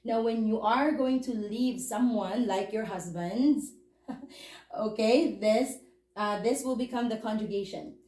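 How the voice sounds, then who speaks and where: Female language teacher, slow and patient, mellow tone, echoey room. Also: on the high side. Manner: patient, spells out words slowly and repeats them. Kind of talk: slow, explanatory grammar lesson.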